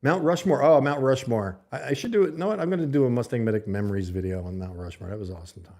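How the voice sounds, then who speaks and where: This livestream host has a mid-range, slightly mellow voice and delivers his words rapid-fire. Leaning close to a desk mic at his home streaming setup, he chats casually with viewers and reads out their comments.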